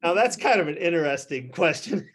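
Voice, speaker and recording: A man's voice: on the high side, expressive, brisk, a bit bright. An older man, a physician, telling a rambling, self-deprecating anecdote to a group on a video call, with frequent restarts and chuckles.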